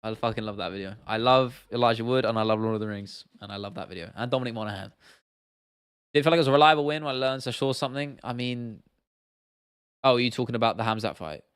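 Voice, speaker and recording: A man's voice: medium pitch, fast talker, fairly bright tone, clean tone, no echo, studio quality. A young man from the UK hosting a casual livestream Q&A, talking bluntly with plenty of slang and swearing and often restarting his sentences. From United Kingdom. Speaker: livestream host.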